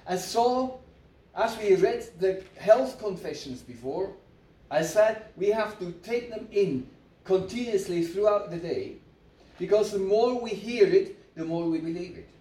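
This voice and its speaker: A man's voice: high voice, mellow. A man preaching a sermon, repeating his points for emphasis and leading the congregation in call-and-response. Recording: echoey room, mic at a distance.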